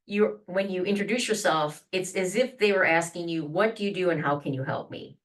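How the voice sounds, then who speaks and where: A woman appears as a branding and communications guest on a conversational podcast interview, explaining how to introduce yourself. Her lowish voice is fairly quick and sounds far from the mic, and she acts out sample lines with many restarts.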